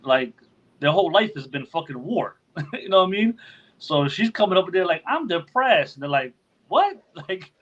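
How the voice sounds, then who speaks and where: A man's voice: a little high, animated, moderate pace, highs cut off. A man hosting a podcast in casual chat, talking loosely and with plenty of swearing, often acting out what other people say. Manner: loose and profane, acts out quotes in other voices. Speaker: podcast host.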